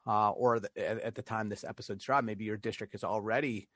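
A man from Pittsburgh co-hosting a podcast, upbeat and quick to laugh, with lots of "uh" and "you know" as he talks. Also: lowish voice, fairly even intonation, fairly bright tone, no echo, studio quality. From Pittsburgh, United States. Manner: upbeat, laughs easily, many fillers. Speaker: podcast co-host. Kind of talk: casual chat.

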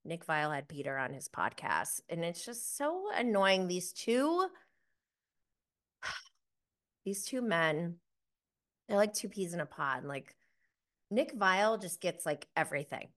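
A woman's voice: fairly low pitch, sing-song, takes it slowly, pauses often, a bit bright. A woman hosting a casual episode review of a reality show, chatty and gossipy, laughing often as she talks. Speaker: reality TV recap host.

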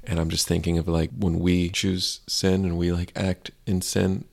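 A man co-hosting a podcast, talking slowly and thoughtfully in casual reflective chat, searching for words. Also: low voice, level tone, gravelly. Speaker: podcast co-host.

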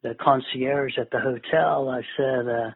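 A man in casual conversation, telling travel stories in a relaxed way with many fillers. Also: medium pitch, unhurried, vocal fry, husky, no echo. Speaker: guest. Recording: phone-like lo-fi line.

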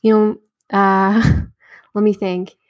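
Woman, podcast guest, casual chat, hesitant with fillers, mid pitch, dry close sound. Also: flat delivery, slow, no room sound. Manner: hesitant, many fillers, friendly.

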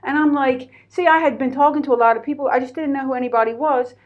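Animated middle-aged woman telling her story. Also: high-pitched, fast, muffled recording. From Pennsylvania, USA. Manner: animated, candid, heavy use of fillers. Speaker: interview guest. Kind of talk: personal storytelling in conversation.

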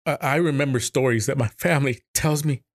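A man's voice: mid-range voice, brisk, no room sound, clean studio sound. A man hosting a political podcast, talking heatedly and emotionally with stammering restarts and swearing. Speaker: podcast host.

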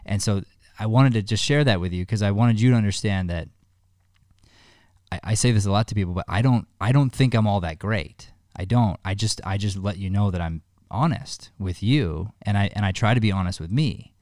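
A man's voice: lowish voice, fairly quick, a little mellow, dry recording, clean studio sound. A man talking earnestly in a heartfelt one-on-one conversation, telling a personal story with frequent restarts.

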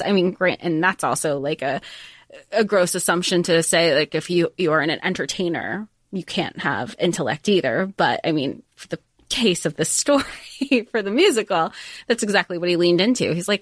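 Brief: animated woman podcast co-host, casual chat, dry close sound. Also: fairly low pitch, normal speed, dry recording. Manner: animated, acts out film lines in quoted voices.

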